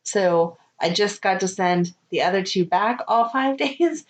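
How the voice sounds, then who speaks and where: Casting: middle-aged woman, chatty podcast co-host, casual animated storytelling. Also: mid-range voice, measured pace. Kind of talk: casual chat.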